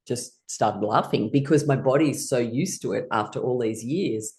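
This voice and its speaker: A middle-aged woman leading an online laughter yoga class, cheerful and encouraging, quick to break into laughter. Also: extremely low pitch, darkish tone.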